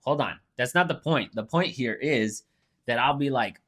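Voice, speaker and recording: A man's voice: mid-range voice, lively intonation, normal speed, fairly bright tone, breathy edge. A man co-hosting a casual podcast, profane and teasing, laughing often as he tells stories. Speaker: podcast co-host. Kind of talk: casual chat. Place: Phoenix.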